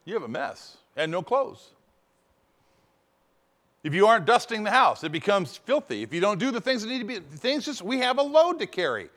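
Animated male preacher with a lively voice. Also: sits high. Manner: animated, playful asides, dramatic slowdowns on key phrases. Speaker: pastor. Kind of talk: sermon.

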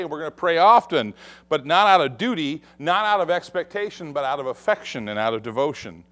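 Lively high-voiced male preacher. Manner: expressive preaching, acts out quoted voices. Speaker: pastor. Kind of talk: sermon.

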